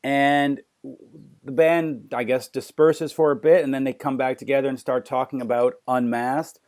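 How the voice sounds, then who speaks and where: A man's voice: mid-range voice, steady tone, moderate pace, a little mellow. Man hosting a fan interview. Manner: enthusiastic fan questions, repeated stammered starts. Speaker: interview host. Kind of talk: casual interview conversation.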